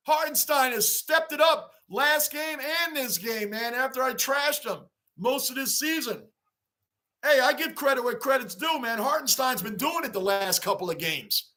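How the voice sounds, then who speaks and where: A man hosting a casual livestream, reacting to a basketball game and chatting with viewers, getting excited and shouting at big plays. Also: very high-pitched, a little slow. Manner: excitable, shouts at big plays, reads chat names aloud. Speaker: livestream host. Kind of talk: casual live-chat sports reaction.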